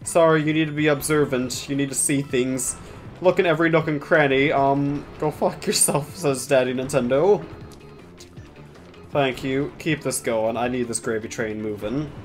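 A young man narrating his own gameplay in a loose, chatty stream, sarcastic and quick to swear. He slips into mock-dramatic asides, and faint music plays behind him. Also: medium pitch, fairly even intonation. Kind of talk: casual gameplay commentary.

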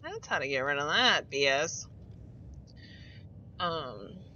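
Woman game streamer, bright and animated, rambling and giggly, dull lo-fi stream audio. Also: low voice, takes it slowly, long pauses. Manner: rambling, giggly, swears freely. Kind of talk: casual chat while playing.

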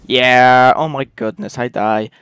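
A man giving excited gameplay commentary as a streamer, exclaiming and reacting loudly, in broken non-native English. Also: mid-range voice, unhurried, clean tone, no echo. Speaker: game streamer.

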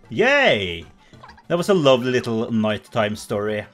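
A man's voice: medium pitch, big pitch swings, a little slow, fairly bright tone, faint music behind. A man commentating a video game in a playful, bubbly way, gasping and making silly sound effects. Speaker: let's play host.

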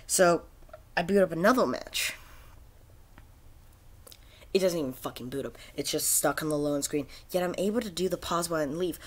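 A man ranting in frustration about a video game, swearing constantly and rambling with many fillers and restarts. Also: a little high. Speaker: gaming video creator. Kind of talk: angry gaming rant.

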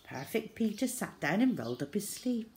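A woman reading a children's storybook aloud, expressive and dramatic. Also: mid-range voice, normal speed.

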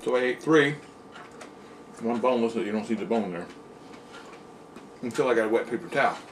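A man's voice: medium pitch, brisk. A plain-spoken man with a Pennsylvania accent, chatting casually while he taste-tests hot wings at home. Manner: easygoing, plain-spoken, chatty between bites. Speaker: food reviewer. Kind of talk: casual taste-test vlog. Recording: distant mic with noticeable noise.

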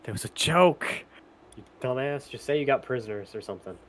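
A man's voice: mid-range voice, expressive, a little fast, a bit bright. A man at a tabletop game, chatting casually, teasing and swearing in exasperation.

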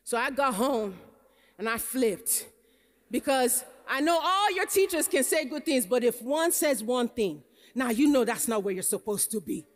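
A woman's voice: a little high, expressive, unhurried. A Nigerian American woman pastor preaching a sermon, telling stories that build to emphatic preaching. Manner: storytelling, rising to emphatic preaching. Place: conference hall. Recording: long hall reverb.

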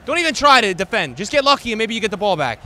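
A young man streaming a football video game, swearing and ranting, with his voice swinging from low mutters to angry shouts. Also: sing-song, very fast, a little hiss or hum. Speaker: gaming streamer. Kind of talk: raging gameplay commentary.

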